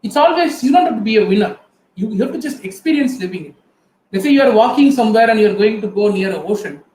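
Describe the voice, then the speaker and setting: A man's voice: sits high, lively intonation, quick pace, darkish tone, slight background noise. A middle-aged man with an Indian English accent, giving an earnest motivational talk and speaking directly to his audience. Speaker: guest speaker. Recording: echoey room with faint ambience.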